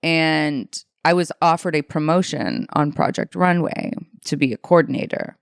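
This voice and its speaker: A woman's voice: sits low, moderate pace, vocal fry, clean tone, no echo, studio quality. A young woman from Alaska, a comedian, telling stories casually in an interview, swearing often and acting out what people said. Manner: animated, swearing, acts out quotes in other voices. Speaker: comedian guest.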